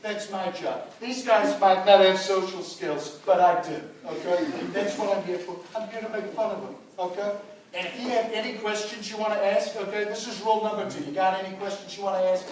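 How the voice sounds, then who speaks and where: Man impersonating a boastful older American politician, put-on American accent, keeps saying okay, high-pitched, picked up from across a noisy hall. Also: steady tone, a little fast, lightly acted. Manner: bragging, repeats "okay?" and "let me tell you". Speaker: MC of a student debate. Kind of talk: stand-up impression. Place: university lecture hall. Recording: echoey hall, distant mic, noisy.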